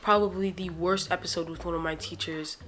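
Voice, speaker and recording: A woman's voice: fairly low pitch, fairly even intonation, fairly quick, a bit bright. A woman vlogger telling a story in a profane, sarcastic rant.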